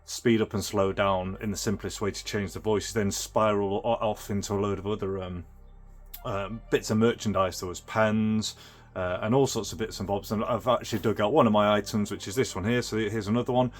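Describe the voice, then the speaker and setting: Man, lowish voice, casual toy demo, rambling, lots of ums and restarts. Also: steady tone, a little fast. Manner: rambling, with many fillers and restarts. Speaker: retro toy restorer and channel host. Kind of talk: casual show-and-tell demo.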